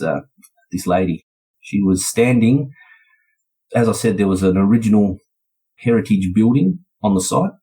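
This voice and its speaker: An Australian man with a low, husky voice tells his story in a relaxed, chatty manner. He speaks casually, as a podcast guest sharing events with the listener. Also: poor audio. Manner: chatty, laid-back, slips into voices when quoting.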